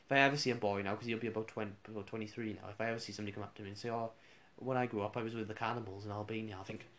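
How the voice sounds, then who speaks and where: A man's voice: fairly low pitch, flat delivery, racing, fairly bright tone. A man, a radio presenter, casually rambling through funny school anecdotes with restarts and chuckles.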